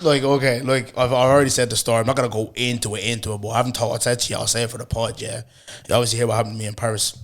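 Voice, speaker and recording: A young Irish man hosting a podcast, telling a story in a casual chat, animated and laughing often as he acts out what people said. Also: medium pitch, racing, hardly any pauses. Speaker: podcast host.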